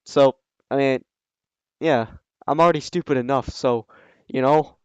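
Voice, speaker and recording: Man, reading a story aloud, sarcastic mocking asides, smooth clear voice, dry close sound. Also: medium pitch, measured pace, darkish tone, no echo, muffled recording. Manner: sarcastic, scoffing asides with frequent ums. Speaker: reader and commentator.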